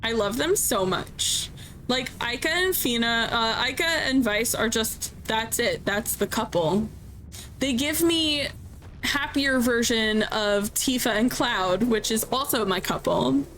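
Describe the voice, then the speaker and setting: A woman's voice: on the high side, animated, slow pace, fairly bright tone, slight background noise, low-quality recording. Chatty woman streamer, light voice. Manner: chatty and candid, reacts aloud. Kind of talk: casual gameplay commentary.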